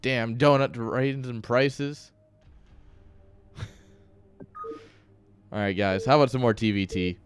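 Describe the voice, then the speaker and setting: Taking things slowly with long pauses, a man with a medium-pitched, clean-toned voice casts a strategy game on a live stream. The esports caster rambles off-topic and makes jokes at his own expense, chuckling at himself.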